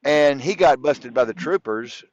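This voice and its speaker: A man's voice: medium pitch, lively intonation, a little slow, dry recording. A man speaking as an interview guest, telling long stories in a rambling, profane way and repeating himself. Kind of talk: casual storytelling interview. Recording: dull lo-fi dry sound.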